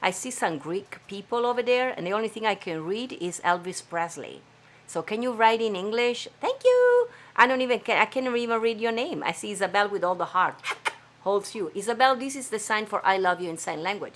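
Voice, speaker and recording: A woman's voice: mid-range voice, animated, brisk. A woman from Venice with an Italian accent, hosting her own live stream in an enthusiastic, chatty way with frequent fillers. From Venice, Italy. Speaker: host of a live stream show. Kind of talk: casual live-stream chat. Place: home studio.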